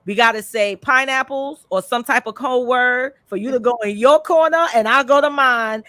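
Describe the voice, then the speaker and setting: A woman's voice: fairly high pitch, normal speed, no room sound. Chatty woman podcast host, dry sound. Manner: animated, chatty, frequent "you know" and "like". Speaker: podcast host and life coach. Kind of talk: candid conversational storytelling.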